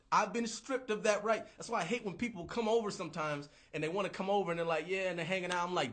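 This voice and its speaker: A man hosting a livestream, ranting in a casual, profane, animated way and repeating himself. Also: a little high, fast, hardly any pauses. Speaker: livestream host.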